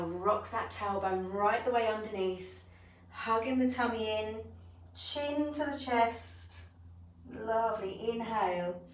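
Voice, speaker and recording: A woman teaching a bedtime yoga class, calmly cueing each breath and movement. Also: medium pitch, a little hiss or hum. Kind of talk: guided yoga instruction. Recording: echoey room, voice from a distance.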